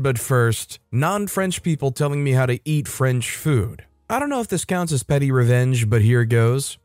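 A man hosting a story channel, reading online revenge stories aloud in a casual, lively way. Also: mid-range voice, dry recording, clean studio sound. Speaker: story channel host and narrator.

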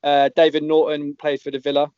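Guy hosting a podcast, a bit high pitched, umming through his list, muffled. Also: monotone, brisk, darkish tone. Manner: reads names from a list, hesitant. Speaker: podcast host. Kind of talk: casual chat.

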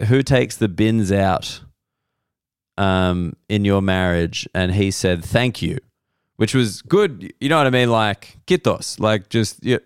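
An Australian comedian rambles through a story on his podcast, swearing freely and jumping from a quick mutter to sudden high bursts. His voice is smooth and resonant, and the room is dry. He sits close to the mic. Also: no echo.

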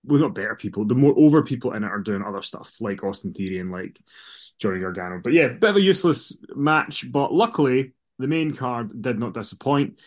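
A man's voice: medium pitch, expressive, brisk. A man co-hosting a casual podcast in an everyday mid-range voice. He rambles and often restarts his sentences. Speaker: podcast co-host. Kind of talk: casual chat.

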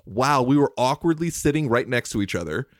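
A man's voice: mid-range voice, expressive, fairly quick, no echo, clean studio sound. A man co-hosting a podcast in casual chat, heartfelt and emotional, rambling and restarting his sentences. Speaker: podcast co-host.

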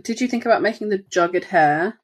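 A woman's voice: mid-range voice, brisk. A woman co-hosting a cookbook podcast, joking bluntly in casual chat. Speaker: podcast co-host.

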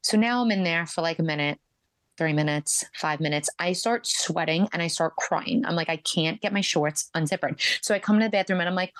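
A woman guest on a podcast, telling stories in a chatty, animated way, full of "like" and "um". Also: lowish voice, fairly quick, no room sound. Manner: chatty, animated, many fillers like "like" and "um". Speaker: podcast guest, reality show contestant. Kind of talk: casual storytelling interview.

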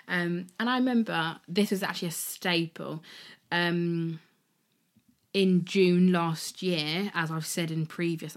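A young woman hosting a podcast, chatting casually and at times softly and emotionally about her own experience, with many fillers. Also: low-pitched. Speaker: podcast host. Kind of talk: casual personal storytelling.

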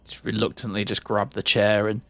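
Low-voiced man in a dry room, playing a game. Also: little pitch movement, a little fast, creaky, no echo, faint music behind. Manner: casual, describing his actions. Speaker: player. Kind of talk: tabletop role-play.

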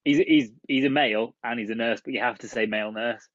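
A man's voice: mid-range voice, fairly even intonation, fast, fairly bright tone, no room sound. A man co-hosting a casual podcast who makes wry, joking asides. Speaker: podcast co-host. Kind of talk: casual chat. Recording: dull, dry mic sound.

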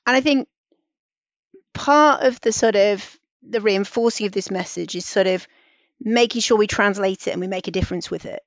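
A woman's voice: medium pitch, normal speed, no echo, muffled recording. A woman hosting a podcast, asking polite, hesitant questions with lots of fillers. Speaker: podcast host. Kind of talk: conversational podcast interview.

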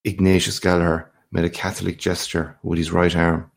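A man reading a short story aloud in measured scripted narration. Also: sits low, little pitch movement, creaky. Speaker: reader.

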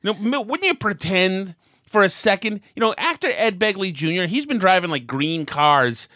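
A man's voice: high voice, animated, moderate pace, pushed and bright, no room sound, studio quality. A man hosting a political talk show, ranting with sarcastic exasperation. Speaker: host.

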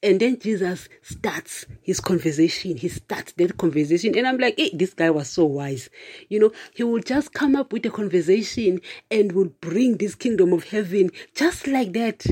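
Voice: mid-range voice, darkish tone, husky. Chatty preacher speaking to online viewers. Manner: chatty, addresses listeners as "guys", frequent "you know"; laughs often, with emphatic asides. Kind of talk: casual spoken preaching to viewers.

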